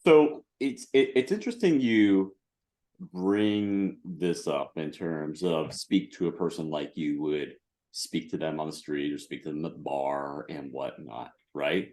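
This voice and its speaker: A man leading a casual group discussion, relaxed and a little wry. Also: extremely low pitch, unhurried.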